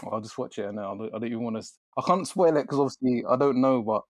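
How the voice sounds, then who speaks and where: A man chats casually in a mid-pitched voice, teasing his friends and restarting sentences. The recording is dry, with no room sound. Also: very fast, no echo. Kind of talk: casual chat.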